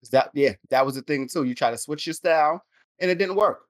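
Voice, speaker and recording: A man in a loose podcast chat about fights, cutting in with blunt, profane remarks. His voice sits a little higher than most men's. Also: quick pace. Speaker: podcast co-host. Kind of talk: casual sports chat.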